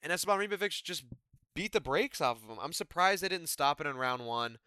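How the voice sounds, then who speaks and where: Bright, crisp-voiced man recapping fights. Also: on the high side, expressive, brisk, no room sound, studio quality. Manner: rambling, profane, exasperated. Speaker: MMA commentary YouTuber.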